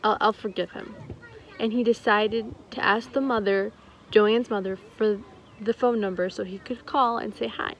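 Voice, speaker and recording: Young woman, playful halting storyteller, lo-fi recording, faint hum. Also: medium pitch, steady tone. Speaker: co-host telling a story. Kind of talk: improvised storytelling chat.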